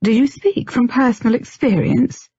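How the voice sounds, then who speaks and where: A woman's voice: fairly high pitch, normal speed, dark tone, breathy edge, dry recording, voice pushed up. A woman voicing a proper, witty young lady with a teasing manner, in an audiobook. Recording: dull lo-fi, dry.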